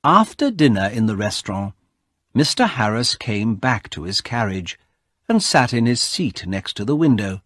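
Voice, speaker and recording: A man narrating a short story aloud, slowly and clearly, for English learners. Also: fairly low pitch, dry recording. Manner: clear, expressive read-aloud.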